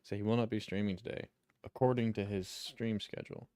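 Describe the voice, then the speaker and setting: A man's voice: on the low side, fairly even intonation, a little fast, warm tone, no room sound. Rambling, swearing young male streamer. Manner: rambling, profane, chuckles while telling stories. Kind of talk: casual chat while gaming.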